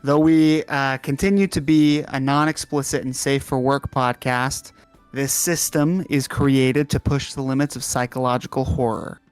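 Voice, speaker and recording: A man narrating a tabletop horror game as game master, in a measured storytelling way with occasional fillers. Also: mid-range voice, little pitch movement, clean tone, faint music behind.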